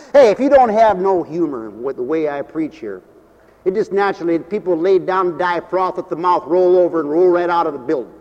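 A man's voice: high-pitched, lively intonation, moderate pace, darkish tone, muffled recording. A middle-aged or older man preaching a folksy, joking sermon that rises into fervent hallelujahs. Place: church mission hall. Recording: echoey hall.

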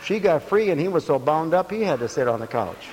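A man's voice: a little high, animated, brisk, long reverb tail, background noise. A man preaching a sermon to a radio audience, telling stories and acting out the voices of people in them.

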